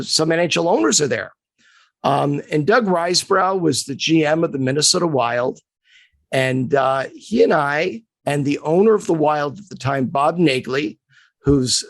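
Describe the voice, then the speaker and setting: Male sports agent, podcast storyteller, gravelly, dry close mic. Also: a little high, no room sound. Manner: animated storyteller, acts out quotes.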